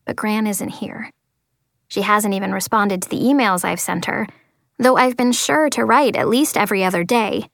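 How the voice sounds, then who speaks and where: A woman narrating a first-person story as an audiobook, expressive, slowing and softening at tense moments. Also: mid-range voice, gravelly, dry recording, studio quality. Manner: expressive, slows for tense moments, drops to quiet tones.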